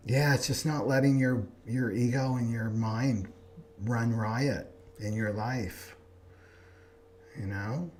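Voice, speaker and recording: A man's voice: mid-range voice, steady tone, takes it slowly, long pauses, a little mellow. A man teaching a live astrology class in an earnest spiritual tone, often checking in with the listener. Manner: earnest, keeps asking "right?". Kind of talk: live online class talk.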